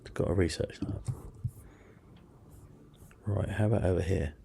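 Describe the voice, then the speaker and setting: Deep dark-voiced guy muttering through his strategy game, faint hiss behind. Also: fairly even intonation, unhurried, gravelly. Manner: muttering to himself, self-deprecating asides. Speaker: let's play host. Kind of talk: casual strategy game commentary.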